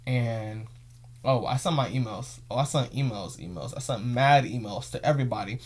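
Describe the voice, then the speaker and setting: His voice is husky and medium-pitched, at a moderate pace: a young podcast host telling an emotional story on his own show. The casual vlog-style telling rambles, with phrases repeated over and over.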